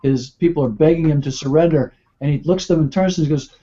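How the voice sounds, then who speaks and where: A man's voice: a little high, fast talker, dark tone. A man on a panel talking earnestly, stumbling on his starts and then speaking with conviction. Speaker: guest, fire captain. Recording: muffled lo-fi web call audio.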